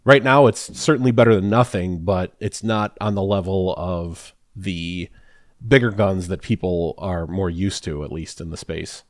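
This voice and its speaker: A man's voice: low voice, measured pace, no echo, studio quality. A man co-hosting a podcast, chatting in an easygoing casual way. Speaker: podcast co-host. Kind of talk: casual chat.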